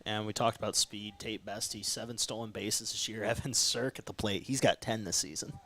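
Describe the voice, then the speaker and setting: A man's voice: lowish voice, fairly even intonation, brisk, a bit bright. A young man from South Dakota giving laid-back, teasing baseball color commentary and laughing easily.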